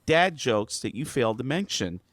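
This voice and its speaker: A man's voice: medium pitch, big pitch swings, normal speed, a bit bright, no room sound. A man joining a casual cartoon review chat as a guest, playful and joking, laughing often.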